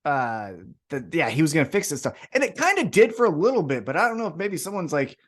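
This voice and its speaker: A man's voice: fairly high pitch, fast. A man co-hosting a wrestling podcast, telling a long story in a loose, profane way and acting out the people in it. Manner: animated, profane, acts out voices in the story. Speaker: podcast co-host.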